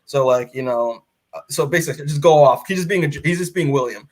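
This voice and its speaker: A podcast co-host casually recaps a comic book, rambling and full of fillers, often acting out the characters' lines. His voice is a little high, and he talks fast.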